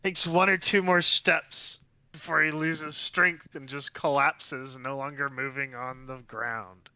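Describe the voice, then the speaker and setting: Game master narrating the scene; bright, sharp tone, dry close mic, relaxed delivery. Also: male voice, medium pitch, slow pace, smooth, no room sound, highs cut off.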